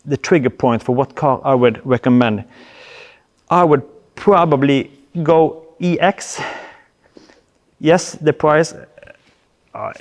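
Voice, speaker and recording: A man from Norway, a car vlogger chatting casually to his viewers in loose, phrasing. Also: mid-range voice. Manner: chatty, addresses viewers directly, loose non-native grammar. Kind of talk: casual vlog talk to camera.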